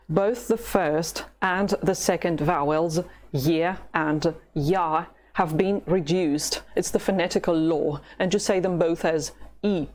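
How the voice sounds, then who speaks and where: A woman from Russia with a Russian accent, teaching pronunciation patiently and slowly, with drills to repeat. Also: fairly low pitch, darkish tone. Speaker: language teacher. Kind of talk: slow, careful pronunciation lesson.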